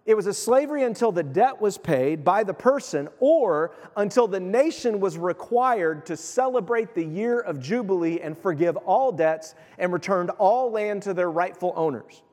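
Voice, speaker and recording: A man preaching a sermon as pastor, in a lively, conversational way, acting out the voices of the people he quotes. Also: sits high, normal speed, hardly any pauses. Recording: long hall reverb.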